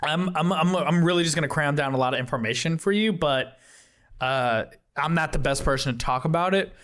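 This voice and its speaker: A rambling, flustered young plant-shop guy, put on by a game master, blurting things out in bursts. His voice sits a bit higher than most men's. The whole thing plays as a tabletop role-play scene. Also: brisk, a bit bright, close to an everyday voice. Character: frazzled young male ex-plant-shop worker.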